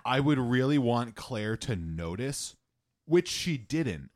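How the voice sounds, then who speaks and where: A man's voice: medium pitch, sing-song, slow, darkish tone. A man co-hosting a casual movie podcast, making wry jokes. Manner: wry, joking. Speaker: podcast co-host.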